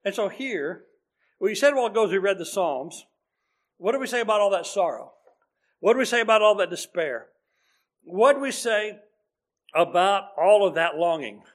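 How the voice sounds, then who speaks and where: Male preacher, high-pitched voice, teaching sermon, emphatic then hushed. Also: animated, moderate pace, long pauses. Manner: explanatory, swings between emphatic and hushed.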